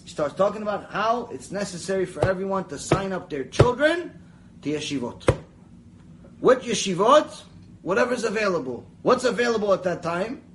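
A man's voice: high voice, a little hiss or hum, rough recording. A man teaching a Mussar lecture, telling stories, acting out the voices in them and wandering into chatty asides. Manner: animated, acts out the voices in his stories. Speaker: Torah teacher.

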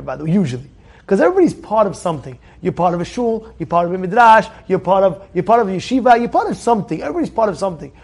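A man teaching an informal Torah class in a synagogue study hall, animated and repetitive, firing rhetorical questions at his listeners. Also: high voice. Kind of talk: informal Torah lesson to a congregation.

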